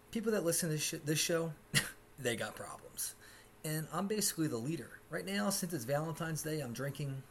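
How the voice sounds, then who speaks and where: A man's voice: medium pitch, slight background noise. Profane, sarcastic man ranting at home. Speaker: podcast host. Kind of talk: solo comedic rant. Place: at home in his apartment.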